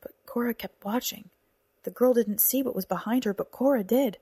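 A woman's voice: on the high side, normal speed, dark tone, slightly rough, no room sound. A woman narrating a novel aloud, whispering and raising her voice for the characters' lines. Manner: acts out dialogue with whispers and raised voices. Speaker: audiobook narrator. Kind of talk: scripted narration.

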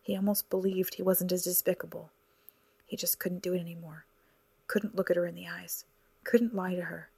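A woman narrating an audiobook in a soft, hushed, partly whispered delivery. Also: lowish voice, fairly even intonation, moderate pace, vocal fry, breathy edge, no room sound.

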